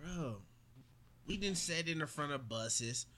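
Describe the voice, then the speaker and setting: A man's voice: a little high, animated, slow, bright, forceful tone. A young man with a slightly raised voice, chatting casually among friends. He is provocative and teasing, and he laughs often. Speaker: podcast co-host. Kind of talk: casual chat.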